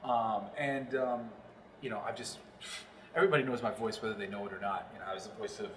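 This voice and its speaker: A man's voice: on the low side, fairly even intonation, fast, a bit bright, slight background noise. A man from New York, a voiceover actor, talking casually as an interview guest and rambling with many fillers. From New York, Long Island. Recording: roomy, distant mic.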